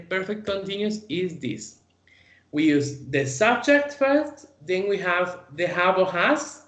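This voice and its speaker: Spanish-speaking guy teaching english grammar, slow and patient, echoey room. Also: high voice, a bit bright. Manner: patient, explaining, frequent "okay?" checks. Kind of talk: online grammar lesson.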